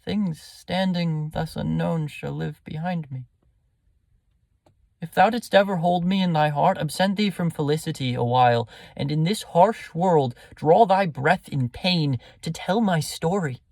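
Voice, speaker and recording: A dying young prince speaks softly, his voice fading, as a man recites him. The tone is gravelly and the sound dry and close. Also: fairly high pitch, measured pace, no echo. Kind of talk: Shakespeare recitation.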